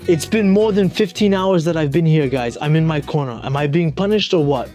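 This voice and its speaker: A young man narrates his food challenge vlog, tired and stuffed, making fun of himself with dramatic complaints. His voice sits a little high for a man. Clear music runs behind him the whole time. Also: brisk. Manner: joking, self-mocking, dramatic complaints. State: tired, overfull. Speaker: vlogger.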